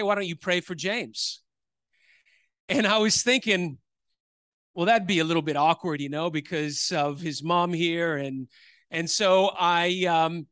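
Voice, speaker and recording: Preacher, male, high-pitched, halting testimony style, dry close recording. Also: sharp tone, smooth, no echo. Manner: storytelling, hesitant with many fillers and restarts. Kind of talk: sermon testimony.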